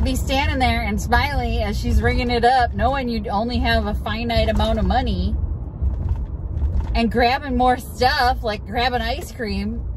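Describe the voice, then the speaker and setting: A middle-aged woman from Minnesota telling a casual vlog story in a chatty, exasperated, animated way. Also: on the high side, background noise. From Minnesota, USA. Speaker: vlogger.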